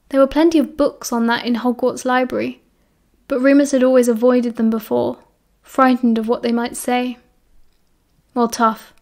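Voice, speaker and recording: A woman narrating a fan-fiction audiobook at a steady, even pace. Her voice sits somewhat high and holds a flat, level melody with little rise and fall.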